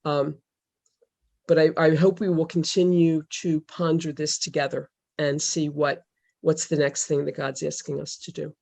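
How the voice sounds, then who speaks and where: Woman on a video call, earnest and halting, lots of ums, telling her story. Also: low-pitched, little pitch movement, gravelly, a little mellow. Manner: earnest, halting, many fillers. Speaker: religious sister volunteer. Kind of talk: personal testimony on a video call.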